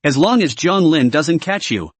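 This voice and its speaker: A man's voice: on the high side, expressive, normal speed, dry recording. A man voicing an arrogant, tipsy, boastful rich young man with a swaggering manner. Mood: smug.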